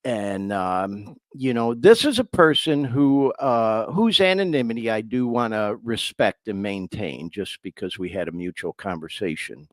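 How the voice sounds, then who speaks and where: A man's voice: lowish voice, animated, measured pace, hardly any pauses, no echo. A man hosting a podcast, talking casually and heartfelt, choking up as he speaks. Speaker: podcast host.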